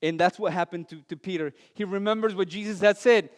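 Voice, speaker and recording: A male pastor with a non-native, Latin American accent, preaching a sermon with earnest storytelling and light self-deprecating humor, his voice dropping soft and low on weighty lines. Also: brisk, few pauses. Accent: non-native English, Latin American. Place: church sanctuary. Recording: long church hall reverb.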